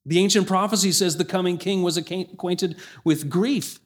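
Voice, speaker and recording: A man preaching a sermon, emphatic, rising in pitch and volume when he reads scripture. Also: fairly even intonation, moderate pace.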